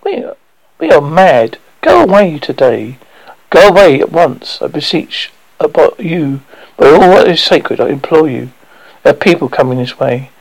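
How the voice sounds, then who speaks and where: A man's voice: on the high side, big pitch swings, a little slow, gravelly, heavily acted, low-quality recording. A man voicing a frightened pleading young woman. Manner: pleading, breathless.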